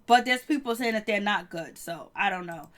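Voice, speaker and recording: A woman's voice: mid-range voice, animated, normal speed. A woman chatting through a reality TV episode recap, laughing often and trailing off mid-thought. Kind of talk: casual gossip recap.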